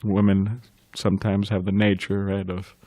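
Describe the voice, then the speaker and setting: A man giving a devotional class, recounting a memory with frequent chuckles and halting restarts. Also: low-pitched, flat delivery, mellow, dry recording. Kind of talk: reminiscing in a scripture class.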